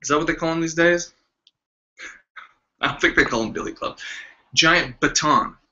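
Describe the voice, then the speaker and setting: A man in his thirties, casually telling a story as a vlogger and acting out the quoted lines with lively voices. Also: on the high side, normal speed. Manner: animated, acts out quoted lines with shifting voices. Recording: slightly dull lo-fi sound.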